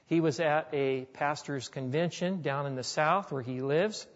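A man's voice: fairly high pitch, unhurried. A male pastor preaching a sermon, telling stories in a folksy, conversational way. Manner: storytelling, folksy. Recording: echoey hall, dull lo-fi sound.

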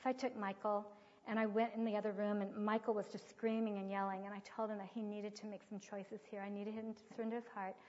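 A middle-aged woman giving an earnest teaching talk with a personal story, soft-spoken and often sinking to a near whisper. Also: medium pitch, flat delivery, fast talker. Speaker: speaker on child training. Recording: dull lo-fi sound with long hall reverb.

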